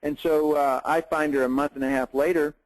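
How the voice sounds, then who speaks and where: A man's voice: fairly high pitch, fairly even intonation, brisk, no room sound, rough recording. A middle-aged man giving a webinar business training in a casual, storytelling way, with lots of fillers. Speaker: network marketing trainer.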